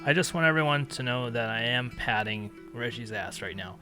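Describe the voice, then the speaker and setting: A man's voice: mid-range voice, expressive, normal speed, sharp tone, soft background music. A man co-hosting a call-in talk show, chatting casually with wry, joking asides. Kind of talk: casual chat over a video call.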